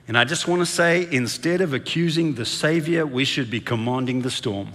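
A man's voice: mid-range voice, normal speed, hardly any pauses, fairly bright tone, long reverb tail. A man preaching a sermon with dramatic build-ups, leading the congregation to repeat lines after him.

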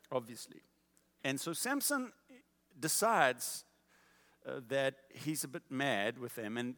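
A man preaching a sermon, telling a story in a casual, animated way. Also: mid-range voice, long reverb tail.

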